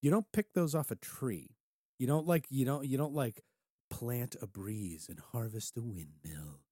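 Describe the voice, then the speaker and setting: A man co-hosting a casual political talk show, joking and getting animated, his voice jumping up on emphatic points. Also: unhurried, husky, dry recording, clean studio sound. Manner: animated and jokey, rising in pitch on emphatic points. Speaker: podcast co-host, campaign worker.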